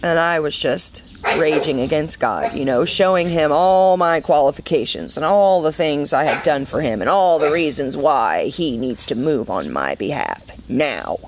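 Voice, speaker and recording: A woman's voice: sits low, expressive, a little slow, background noise. A woman in her thirties giving a personal faith testimony in an earnest, conversational way, full of fillers and restarts. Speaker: women's ministry speaker.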